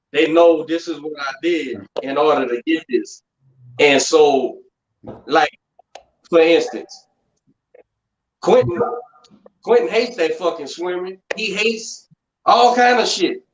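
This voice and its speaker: A male boxing conditioning coach talking in a blunt, profane, animated way, in a casual podcast chat over a remote call. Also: fairly high pitch. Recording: echoey, muffled live-stream audio.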